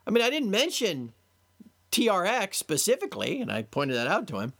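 A man talks alone into the mic as a podcast host, scolding his listeners with sarcastic exasperation. His pitch swoops up and down in animated arcs as he lectures. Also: a little fast, vocal fry. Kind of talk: solo commentary monologue.

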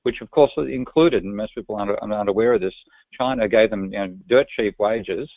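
Over what sounds like a dry, tinny phone line, an Australian guest gives frank, opinionated answers to interview questions and keeps restarting his sentences. His voice is lowish and his pace fairly quick.

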